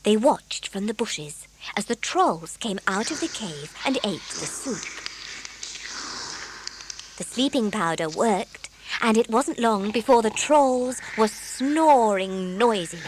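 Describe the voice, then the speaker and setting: A woman narrating a children's audiobook in a gentle, expressive storytelling manner. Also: medium pitch, takes it slowly, noisy background. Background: soft background music.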